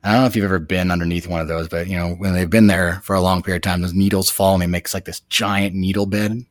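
Low-voiced reflective man telling a story. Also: steady tone, no echo, studio quality. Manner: reflective, halting with many fillers. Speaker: guest telling a personal story. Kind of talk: casual storytelling.

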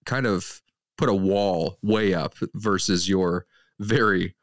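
A man's voice: deep voice, steady tone, slow pace, dry recording, clean studio sound. A man co-hosting a casual podcast movie review, playful and jokey. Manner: jokey, playful, mock trailer voice at times. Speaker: podcast co-host.

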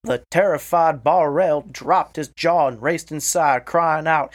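This is a man with a slightly higher voice, casually telling a story on a podcast. He mixes crude, playful jokes with slow, deliberate reading of passages from a text.

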